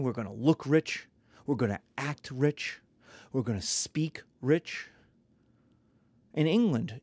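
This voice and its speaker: A man lecturing on history in a lively, conversational way, sometimes acting out little voices. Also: a little high, no room sound.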